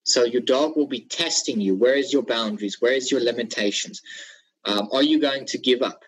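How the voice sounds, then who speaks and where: A man's voice: medium pitch, normal speed, a bit bright, husky, low-quality recording. A man giving a dog training webinar, instructive and repeating his key points. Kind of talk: webinar lecture.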